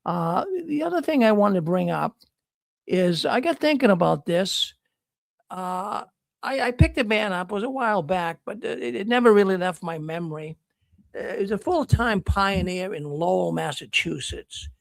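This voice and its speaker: Gravelly rambling male call-in host. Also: sits high, expressive, moderate pace, no room sound. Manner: rambling storyteller with many restarts. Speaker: host of a call-in livestream show. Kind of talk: casual live call-in talk.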